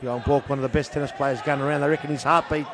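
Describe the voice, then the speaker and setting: A man in his thirties with a Melbourne Australian accent, doing jokey live futsal commentary that jumps to shouts at big chances. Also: medium pitch, little pitch movement, fast. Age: 30s. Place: indoor futsal stadium.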